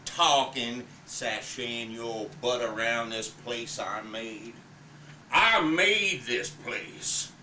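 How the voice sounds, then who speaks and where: A man's voice: medium pitch, bright, forceful tone, a little hiss or hum, pitched below the performer's own voice. Domineering old Southern patriarch, bellowing and profane, played by a man; roomy distant home recording. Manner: bellowing, cursing, commanding. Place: family home.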